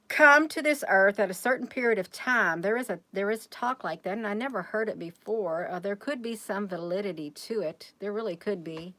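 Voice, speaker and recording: A woman's voice: medium pitch, bright, forceful tone. A woman hosting a casual livestream, rambling and chatty as she keeps talking straight to her viewers.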